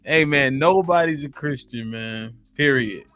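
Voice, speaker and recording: A man's voice: mid-range voice, a little slow, a crowd in the background. A man hosting a podcast in casual chat, laughing often, swearing casually and questioning his guests. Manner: laughs a lot, swears casually, quizzes the others. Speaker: podcast host. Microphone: studio microphone.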